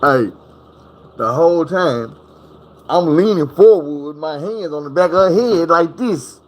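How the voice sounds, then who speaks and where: A man telling a comic story, casual and animated, full of profane slang, jumping up high to reenact other people. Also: unhurried, poor audio.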